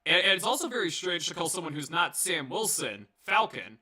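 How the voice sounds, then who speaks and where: Young male reviewer, somewhat high, very bright tone; loose, profane, jokey delivery full of "uh"s. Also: very animated, brisk, breathy edge. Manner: rambling, profane, jokey, many fillers and restarts. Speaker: movie reviewer. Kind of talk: casual solo review.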